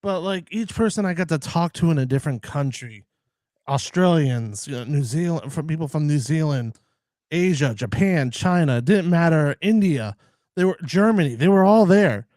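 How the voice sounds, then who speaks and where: A man's voice: on the high side, lively intonation, normal speed, a little mellow, no echo. An American man in casual chat, talking earnestly and rambling with many fillers. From United States. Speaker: podcast guest.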